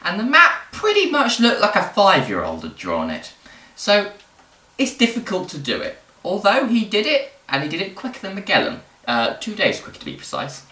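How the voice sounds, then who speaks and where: Animated man telling history. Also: high-pitched, normal speed. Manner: animated, rambling, with fillers and jokes. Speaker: history presenter. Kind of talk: casual educational storytelling. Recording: roomy, distant mic.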